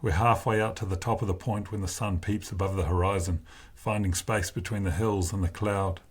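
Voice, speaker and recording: A man with a husky voice reading a first-person novel aloud in a slow, deliberate way. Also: deep voice. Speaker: narrator.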